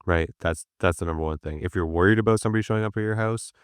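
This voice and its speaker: Brief: man, very low smooth voice, chatty guest, dry close sound. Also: rapid-fire, dry recording. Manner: relaxed, chatty, storytelling with asides. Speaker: guest on a business podcast. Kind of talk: casual conversation.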